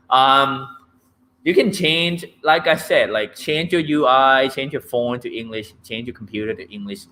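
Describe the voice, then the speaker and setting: A man's voice: mid-range voice, fairly bright tone. A man teaching an English reading lesson, chatty, ending points with "right?". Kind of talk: online lecture.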